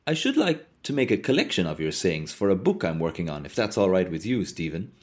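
A man's voice: low-pitched, sing-song, a little fast. A man voicing a polite, earnest young Englishman with a mannered way of speaking.

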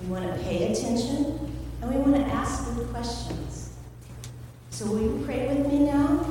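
A woman's voice: high-pitched, measured pace, mellow, a little hiss or hum. A woman who is a teacher, telling a story to students as a children's sermon and doing playful voices for the characters. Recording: echoey hall from far off.

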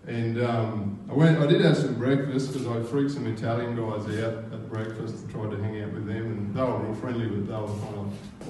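A man's voice: mid-range voice, moderate pace, few pauses, background noise. An Australian man telling a true story on stage at a live event, rambling and casual and swearing freely. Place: live arts venue stage. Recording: roomy live hall from a distance.

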